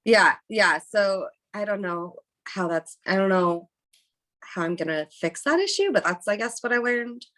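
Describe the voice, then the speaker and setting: Young woman, podcast guest, casual chat, rambling, lots of fillers, middle-pitched voice. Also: lively intonation, a little slow, fairly bright tone. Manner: chatty, rambling with many fillers. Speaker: podcast guest, bikini competitor. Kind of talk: casual interview storytelling.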